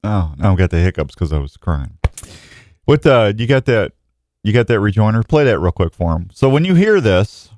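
A man's voice: fairly low pitch, big pitch swings, normal speed, darkish tone. A middle-aged man hosting a radio show, talking in a folksy, rambling way. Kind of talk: casual radio talk.

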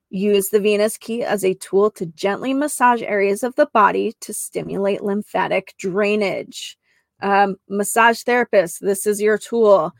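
A woman hosting a spiritual healing podcast, talking in a gentle, chatty way with fillers and soft laughs. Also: mid-range voice, gravelly, dry recording. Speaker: podcast host and Reiki practitioner. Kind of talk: casual spiritual podcast talk.

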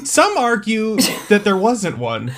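A man with a nasal voice co-hosting a casual comedy podcast, making wry deadpan jokes. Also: high-pitched, slow, slight background noise. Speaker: podcast co-host.

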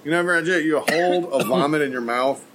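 A man's voice: on the high side, fairly quick, heavy background noise. A man co-hosting a podcast, telling gross-out stories in casual chat with plenty of laughter. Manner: laughing storyteller, graphic and joking. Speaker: podcast co-host.

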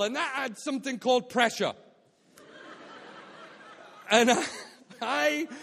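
High-voiced animated man preaching in a hall. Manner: animated, jokey, acts out quotes. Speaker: guest speaker at a church. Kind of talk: storytelling sermon. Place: church auditorium. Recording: live church hall with long reverb.

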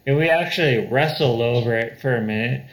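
A man with a medium-pitched voice tells stories a little fast among friends, loose and laughing, sprinkling in "dude" and "like." The recording is low quality.

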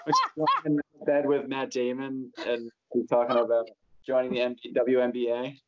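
A man's voice: mid-range voice, very animated, normal speed, muffled recording. A man co-hosting a casual movie chat, teasing and wordy, sometimes trailing off to search for names. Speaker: podcast co-host.

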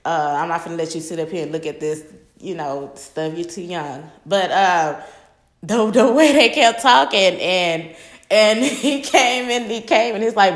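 A woman's voice: lowish voice, unhurried, roomy sound. A woman hosting her own podcast in casual solo chat, talking bluntly with lots of profanity, rambling and restarting her sentences. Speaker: podcast host.

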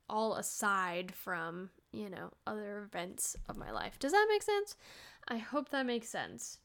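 A woman in her thirties hosting her own podcast, chatting casually and rambling, filling her sentences with "like" and starting over mid-thought. Her voice is smooth and clear, pitched in an ordinary middle range for a woman. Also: a bit bright. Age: 30s. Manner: rambling, heavy use of "like", frequent restarts. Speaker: podcast host. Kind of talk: casual solo podcast chat.

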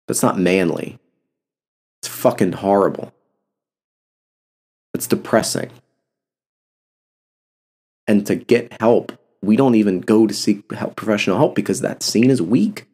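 Gravelly-voiced man venting on a podcast. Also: lowish voice, a little mellow. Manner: blunt, heavy cursing, impassioned. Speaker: podcast host. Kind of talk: casual solo podcast talk.

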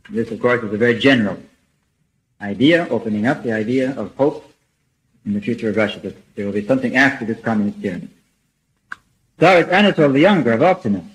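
A man's voice: mid-range voice, low-quality recording. Earnest man giving a religious lecture. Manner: measured and earnest, reads quotations aloud; clears his throat between passages. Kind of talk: lecture reading from a prepared text.

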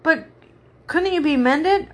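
A woman's voice: high-pitched, takes it slowly, voice pushed up. A woman voicing Dorothy, a polite, earnest young girl, in a storybook reading.

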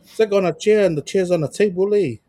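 Husky laid-back New Zealand man. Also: sits high, fast talker, mellow, dry recording. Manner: laid-back storytelling with slang and chuckles. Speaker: podcast co-host. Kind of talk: casual chat.

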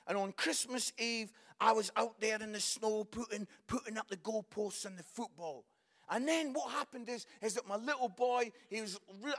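A male guest preacher tells stories in church with a high, bright voice. He acts out the characters with lively animation and often breaks into loud, excited shouting. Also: gravelly. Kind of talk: storytelling sermon.

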